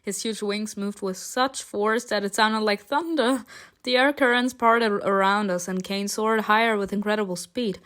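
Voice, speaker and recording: A woman reading a story game aloud and reacting, excitable and gushing between lines. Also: mid-range voice, normal speed. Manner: excitable, gushing, often laughing.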